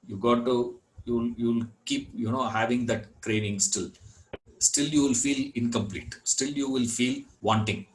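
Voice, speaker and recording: A man teaching a scripture class, unhurried, repeating words and filling gaps with "you know". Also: medium pitch, poor audio. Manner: chants Sanskrit verse. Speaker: Vedanta teacher.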